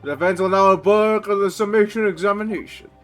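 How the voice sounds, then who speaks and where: A man voicing a formal older male trial judge from a video game in a measured, solemn way. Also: sits high, fairly bright tone, faint music behind.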